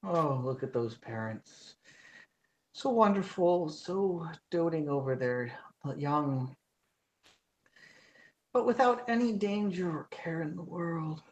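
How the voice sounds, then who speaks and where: A woman voicing a languid, sleepy male trickster in a tabletop game, speaking in a soft, drawn-out musing way. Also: low-pitched, animated, pitched above the performer's own voice.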